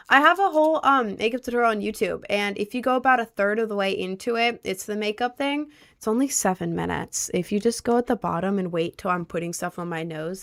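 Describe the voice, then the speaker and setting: A woman's voice: mid-range voice, fairly bright tone. A young woman livestreaming from home, chatting casually and answering viewer messages, rambling with lots of fillers. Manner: rambling with many likes and I don't knows.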